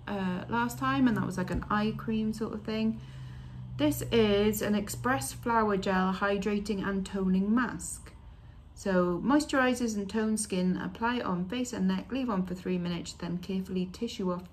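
A woman talks through a beauty box in a chatty, relaxed way, reading labels aloud and filling gaps with "um" and "like." Her voice sits at a mid pitch, with a faint hiss of noise behind it. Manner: chatty, reads product labels aloud with fillers. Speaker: beauty vlogger. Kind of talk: casual unboxing chat.

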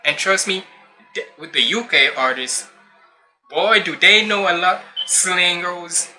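A young man from Jamaica talks over a track in a reaction video. His voice is sharp and bright, a little high for a man. He rambles in loose slang and slips into island patois. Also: a little slow, soft background music. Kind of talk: casual reaction commentary.

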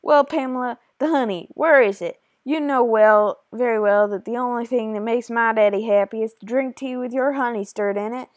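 A woman voicing a rude, bullying rancher man in a put-on Western accent, loud and threatening. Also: a little high, normal speed, few pauses, no echo, studio quality, voice pushed up, lightly acted. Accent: put-on American Western.

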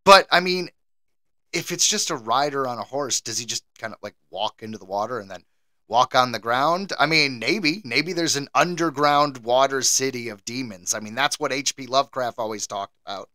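An American man co-hosting a casual podcast, animated and quick to laugh as he runs a trivia game. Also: mid-range voice, no room sound. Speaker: podcast co-host. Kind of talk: casual chat.

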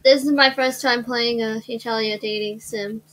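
A young woman playing a dating game with a friend, soft-spoken, unsure and giggly. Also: a little high, steady tone, moderate pace, low-quality recording. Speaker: co-player. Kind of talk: casual game commentary.

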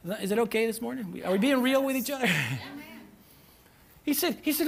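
A male pastor preaching a sermon to a church congregation, animated and often breaking into shouts. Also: very high voice, brisk, vocal fry. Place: church sanctuary with live audience.

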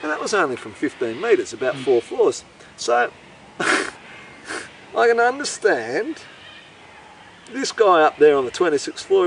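A man telling a rambling comic story, animated and profane, breaking into bird impressions, recorded outdoors. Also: medium pitch, moderate pace. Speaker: comedic monologuist. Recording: voice distant from the mic with faint outdoor noise.

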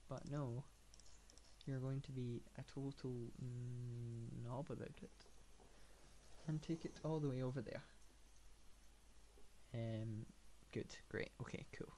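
A man talks his way through a building game in a mid-pitched voice, wandering from thought to thought with plenty of ums and hums. His remarks stay casual and laid-back, with dry, sarcastic asides. A faint hiss sits underneath. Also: fairly even intonation, slow pace, long pauses, mellow. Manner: meandering, thinking aloud with many fillers. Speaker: gamer. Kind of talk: casual gameplay commentary.

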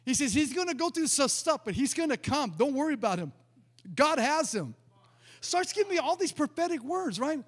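Middle-aged male pastor, high-pitched, animated storyteller, church with long reverb. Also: moderate pace. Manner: animated storyteller, acts out dialogue, repeats words. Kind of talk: sermon with storytelling.

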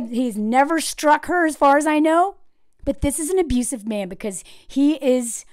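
A woman giving indignant casual commentary on a film, talking fast with many fillers and acting out quotes of the characters. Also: sits high, no room sound, clean studio sound. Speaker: video commentator.

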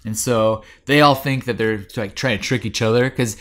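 Brief: male podcast host, middle-pitched voice, loose rambling recap with lots of "like". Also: moderate pace, a bit bright. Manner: rambling recap with many fillers and restarts. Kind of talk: casual chat.

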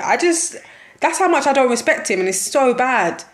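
A woman's voice: a little high, lively intonation, fairly quick. A young woman giving a casual football match reaction, slangy and exasperated, laughing often as she talks.

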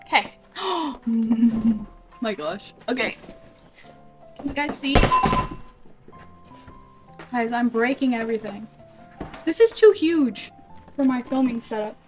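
A woman vlogger chatting excitedly to her viewers as she unboxes collectible toys, gushing and struggling with the packaging. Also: a little high, slow, long pauses, music in the background. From California, USA. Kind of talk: casual unboxing vlog.

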